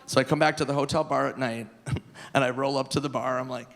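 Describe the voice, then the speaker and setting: A man in his forties performing a live stand-up comedy set, animated and loose, breaking into squealing high voices for punchlines. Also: fast, gravelly. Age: 40s. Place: large theater stage. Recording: live venue with long reverb, faint noise.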